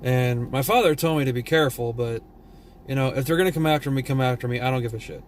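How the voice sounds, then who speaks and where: A man's voice: medium pitch, fast, a little hiss or hum. Tired, blunt Southern man ranting. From Texas. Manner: blunt, profane, rambling. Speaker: vlogger. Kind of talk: casual opinion rant.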